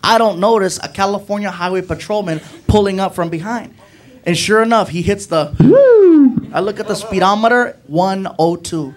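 A man telling a story on a comedy club stage, animated, acting out his friends' voices. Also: sits high, moderate pace. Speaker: stand-up comedian. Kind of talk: stand-up storytelling. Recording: noisy live club recording.

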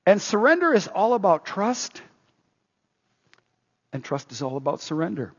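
Husky guy preaching in a church hall, animated, echoey dull recording. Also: high voice, normal speed. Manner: animated preaching, quoting scripture aloud. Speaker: pastor. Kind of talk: sermon. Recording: roomy hall, dull lo-fi sound.

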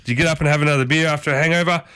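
A man's voice: fairly high pitch, fairly even intonation, very fast, pushed and bright, smooth, no room sound. A man hosting a casual talk, chatting to his listeners and often turning to ask them questions. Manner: chatty, asks the audience many questions. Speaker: host.

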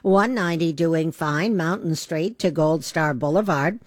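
Traffic lady on the radio, kinda low voice, quick businesslike, dry mic. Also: no echo. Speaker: traffic reporter. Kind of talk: traffic report.

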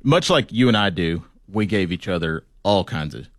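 A man's voice: deep voice, normal speed. A man co-hosting a podcast, casually telling stories and making dry jokes. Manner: relaxed storytelling, dry joking. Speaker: podcast co-host. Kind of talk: casual chat.

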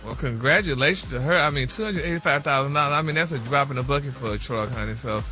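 A man's voice: mid-range voice, fast, bright, forceful tone, soft background music. A man hosting a celebrity gossip segment on a morning radio show, sassy and chatty, peppering his talk with "honey" and "y'all". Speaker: celebrity news host.

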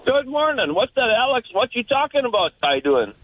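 A man's voice: extremely high pitch, very animated, normal speed, slightly rough, no echo. A man calling in with a thick Minnesota accent, chatting casually and telling rambling, chuckling stories. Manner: folksy, chuckling, rambling storyteller. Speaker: caller. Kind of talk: casual call-in chat. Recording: muffled phone line.

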